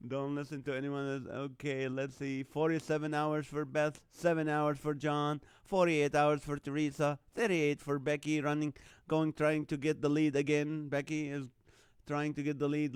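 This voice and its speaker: A Middle Eastern man hosts a casual live online show, reading viewer comments and guesses and chuckling through names and numbers. He jokes and laughs often, his medium-pitched voice clear and resonant. The dry recording has studio quality.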